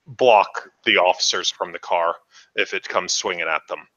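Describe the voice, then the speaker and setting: A man's voice: deep voice, moderate pace, sharp tone, highs cut off. A man playing a tabletop game, explaining his plan hesitantly with fillers. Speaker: player.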